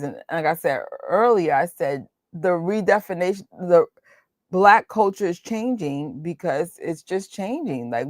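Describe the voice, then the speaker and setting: A woman in her forties with a New York accent, hosting a casual chat, animated and laughing often. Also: lowish voice, no echo. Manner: animated, laughs often, talks in quick bursts. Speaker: host.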